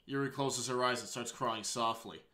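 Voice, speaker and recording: Bright-voiced man reading a visual novel. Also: medium pitch, steady tone, normal speed. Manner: earnest, with startled asides. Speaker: streamer.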